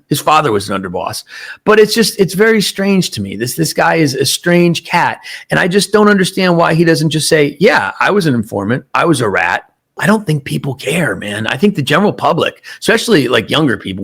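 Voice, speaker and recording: A man hosting crime commentary, talking casually in a mocking, animated way and quoting others. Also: mid-range voice, vocal fry, breathy edge.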